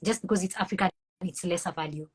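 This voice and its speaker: A woman's voice: lowish voice, fast, breathy edge, poor audio. A woman with a Kenyan accent, a mental health professional speaking earnestly and passionately as an interview guest. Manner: earnest, impassioned, preachy. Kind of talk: conversational interview.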